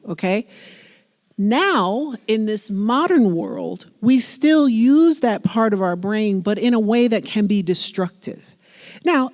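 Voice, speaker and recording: Lively woman giving a lecture. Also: medium pitch. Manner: lively, conversational, acts out quoted people. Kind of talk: public lecture. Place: lecture hall.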